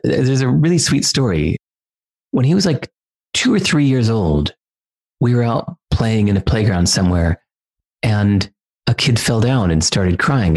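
A man's voice: lowish voice, a little mellow, breathy edge. A man chatting casually as an interview guest, telling stories about his son in a rambling way full of "like". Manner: rambling, many "like" fillers. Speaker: guest parent. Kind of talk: casual conversational storytelling.

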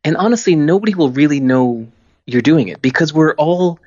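A man, a guest on a podcast, telling stories in a relaxed, expressive way. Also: on the high side, moderate pace, dry recording. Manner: animated storyteller, expressive. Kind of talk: casual podcast conversation. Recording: dull lo-fi, dry sound.

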